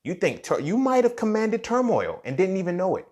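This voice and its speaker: A man's voice: sits high, huge pitch swings, a little fast, a little mellow. A young man hosting a casual motivational monologue, swearing freely and telling a story while often asking if you follow him. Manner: profane, storytelling, keeps asking "you feel me". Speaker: podcast host.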